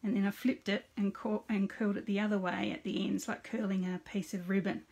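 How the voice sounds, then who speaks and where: A woman's voice: medium pitch, little pitch movement, a little fast, gravelly, darkish tone, breathy edge. A middle-aged woman hosting a casual live card-making demonstration. She chats with viewers by name and narrates each step aloud.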